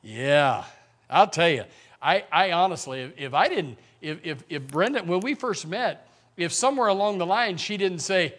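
High, lively preaching man. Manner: animated preaching, acts out grumbling voices, rising to shouts. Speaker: pastor. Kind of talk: sermon. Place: church sanctuary.

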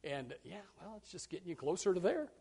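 Guy preaching a sermon, highish voice, keeps repeating words, goes quiet then loud. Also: big pitch swings, fast talker, slightly rough. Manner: emphatic preaching, repeats key words, stumbles on restarts; swings from low and quiet to high and loud. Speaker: pastor.

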